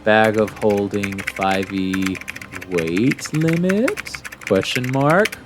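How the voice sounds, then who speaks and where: A man running a tabletop game as dungeon master, narrating playfully with quick voiced asides. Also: on the low side, expressive, over music.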